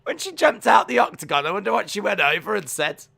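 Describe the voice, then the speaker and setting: A man hosting a live watch-along stream, reacting to fights with excited shouts and exclamations. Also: sits high, fast, vocal fry.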